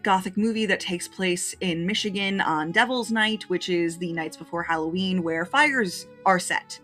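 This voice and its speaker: A woman with a lowish voice talks through her favorite films in a casual review, gushing and openly emotional. Faint music plays underneath. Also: bright, forceful tone. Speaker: movie reviewer. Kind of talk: casual list review to camera.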